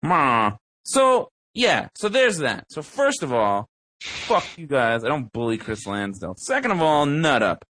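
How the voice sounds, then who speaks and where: A man's voice: sing-song, unhurried, fairly bright tone, no echo. A man on a podcast, rambling and swearing through casual stories with a lot of swing in his voice. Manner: profane, rambling storytelling with big pitch swings. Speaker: podcast co-host.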